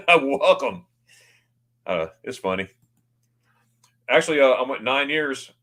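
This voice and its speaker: A man's voice: medium pitch, animated, normal speed, a bit bright. A man hosting a casual livestream from his own desk mic, chatting loosely and reading viewer comments aloud. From United States. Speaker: livestream host. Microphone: new desk microphone.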